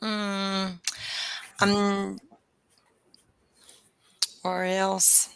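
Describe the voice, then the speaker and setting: A woman practicing conversation as a language student over a video call, speaking in a halting way as she searches for words. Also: medium pitch, completely flat delivery, creaky, clean tone.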